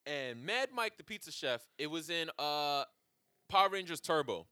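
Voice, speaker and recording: A man co-hosting a podcast, telling stories in casual comedic chat, animated and profane, laughing often. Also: on the high side, normal speed, smooth, no room sound, clean studio sound. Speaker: podcast co-host.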